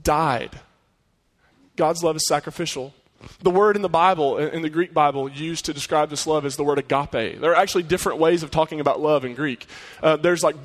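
Earnest preaching man in a reverberant hall. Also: fairly high pitch. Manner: earnest, conversational preaching with rhetorical questions. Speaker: pastor. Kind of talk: sermon.

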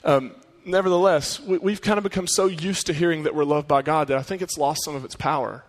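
A man's voice: fairly high pitch, brisk, long reverb tail. A man preaching a sermon in an earnest, conversational way, often putting rhetorical questions to his listeners. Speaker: pastor.

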